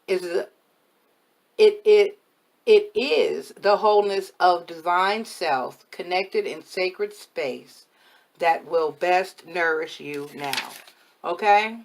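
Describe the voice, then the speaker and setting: Speaking slowly in a lowish voice, a spiritual advisor reads tarot for the camera in a relaxed way. She's frank and talkative, her advice blunt but motherly, and her voice shows slight wear from heavy use.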